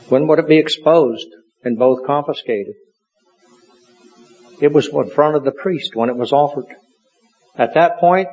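A man preaching a sermon in a measured, earnest storytelling manner. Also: on the high side. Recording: dull lo-fi recording.

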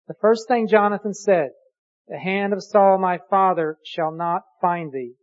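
A preacher giving a sermon, reading scripture aloud slowly and deliberately and posing rhetorical questions. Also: mid-range voice, darkish tone, dull audio.

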